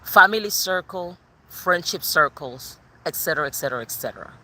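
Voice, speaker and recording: A woman giving a live tarot reading, excitable and expressive, swearing casually as she talks to viewers. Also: fairly low pitch, a little fast. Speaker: tarot reader.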